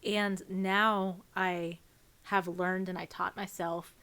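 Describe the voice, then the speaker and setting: A woman's voice: on the low side, little pitch movement, slow pace, bright, forceful tone, smooth. A woman guest on a podcast, from Pennsylvania, who talks candidly and emotionally. She swears without a second thought and strings her thoughts together with casual fillers in a loose conversational flow. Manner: open and emotional, swears freely, many fillers.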